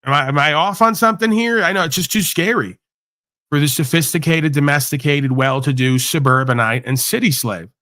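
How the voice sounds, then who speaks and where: Man host, high and bright, dry close sound, preachy profane rant. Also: brisk, dry recording. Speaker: livestream host. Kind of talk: ranting monologue.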